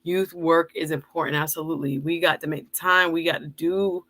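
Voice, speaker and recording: A woman's voice: low-pitched, fairly even intonation, fairly quick. A woman hosting a casual live talk show, reading viewer comments aloud and laughing often. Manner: laughs often, warm and chatty. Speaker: host.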